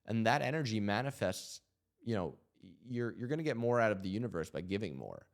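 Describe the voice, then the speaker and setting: A man's voice: lowish voice, animated, fairly quick. A man in his thirties hosting a podcast, telling stories in an earnest, reflective way, with many fillers. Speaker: podcast host. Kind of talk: casual podcast storytelling.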